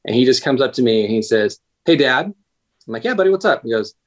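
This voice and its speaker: Casual male podcast guest in his thirties, mid-pitched, who tells loose, rambling stories. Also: animated, quick pace. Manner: rambling, self-interrupting storyteller. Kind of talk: casual conversation.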